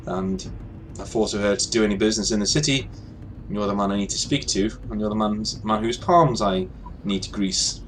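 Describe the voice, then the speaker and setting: Man playing a low-voiced smooth-talking trader in a tabletop game. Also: animated, a little fast, a bit bright, a little hiss or hum. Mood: flattering.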